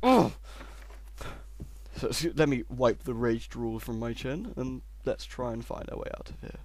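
A young man giving sarcastic gameplay commentary and shouting insults at the game. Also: mid-range voice, moderate pace, slight background noise. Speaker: let's play host.

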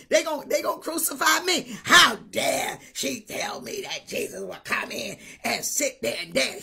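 A woman bishop preaching a sermon, animated, shouting at times and breaking into tongues. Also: high-pitched.

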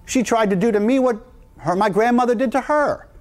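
A man's voice: very high-pitched, brisk, a little mellow. A middle-aged man from New Jersey giving a public talk to a live audience, emphatic and repetitive as he hammers his points home. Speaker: guest speaker.

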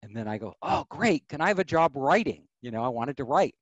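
A middle-aged man, a podcast guest, telling stories of his career in an animated way and acting out the voices of people he quotes. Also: mid-range voice, fairly quick, few pauses, dry recording, lo-fi sound. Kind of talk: storytelling interview.

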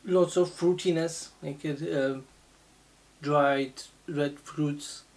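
Slow, halting low-voiced woman reviewing beer. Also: steady tone, darkish tone. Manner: slow, halting, many fillers. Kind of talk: casual beer tasting review.

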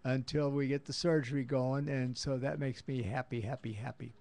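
A man's voice: medium pitch, steady tone, moderate pace, vocal fry, warm tone. An older man hosting a live radio talk show, playful and affectionate, calling people baby and darling. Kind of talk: casual live radio chat. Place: radio studio.

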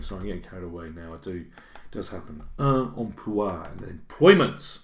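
A man's voice: mid-range voice, expressive, moderate pace, darkish tone. A man teaching a recorded French lesson, chatty and encouraging, correcting himself as he types and checking in with "okay?". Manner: self-correcting, thinking aloud as he types. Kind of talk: recorded online lesson with on-screen notes. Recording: echoey room.

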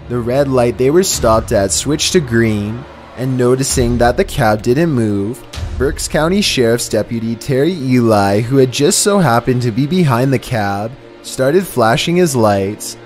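A man reading a scripted narration for a countdown video in an even, measured way. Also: mid-range voice, soft background music.

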